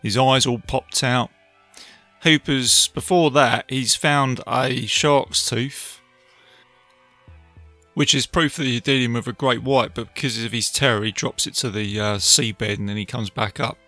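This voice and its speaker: A man casually recapping a film, chatty and enthusiastic, tossing in quick impressions of lines. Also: mid-range voice, fairly even intonation, sharp tone, soft background music. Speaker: film reviewer.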